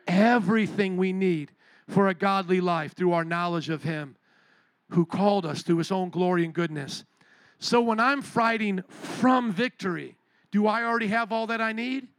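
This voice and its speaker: A pastor preaching a sermon at a church service, energetic and playful, calling out to the congregation and repeating key phrases for them to answer. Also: male voice, high voice, dry recording. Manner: energetic call-and-response preaching, playful asides.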